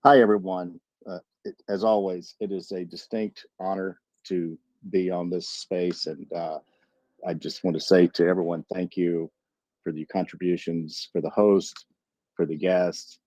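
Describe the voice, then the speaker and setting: A man's voice: low voice, level tone, a little slow, a little mellow, no echo. A man in his fifties, a veteran calling in to a live audio chat, speaking earnestly and from the heart. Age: 50s. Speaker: caller, military veteran. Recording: slightly dull, lo-fi line.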